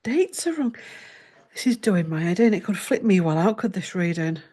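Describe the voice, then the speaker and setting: A woman's voice: on the low side, lively intonation, normal speed, mellow, breathy edge. Woman mumbling and swearing while she looks stuff up, flustered, chatty. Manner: flustered, muttering and swearing to herself. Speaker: tarot channel host. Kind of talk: casual chat while researching.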